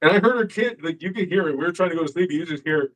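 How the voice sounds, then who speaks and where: Racing along in a fairly high-pitched voice, a man tells a story as a guest in a casual chat on a live-streamed show. The recording is rough, and he's profane and animated, acting out what people said.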